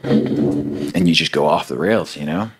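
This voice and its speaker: Young guy preaching, super deep husky voice, slow and chatty, lots of "you know". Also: background noise. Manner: conversational, many fillers like "you know". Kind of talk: storytelling sermon.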